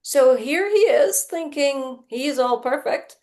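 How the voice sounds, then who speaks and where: Expressive woman telling her story. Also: sits high, slow pace. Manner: expressive storyteller who acts out past conversations. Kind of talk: conversational podcast talk.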